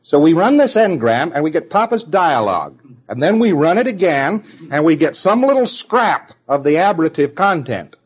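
A man's voice: fairly high pitch, very animated, normal speed, husky, highs cut off. A man giving an informal lecture in a conversational, digressive way, now and then acting out example voices.

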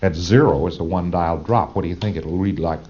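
Male lecturer, very low voice, emphatic and chatty, lo-fi vintage recording. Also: a little fast, dark tone. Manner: conversational, emphatic, asks listeners "see?".

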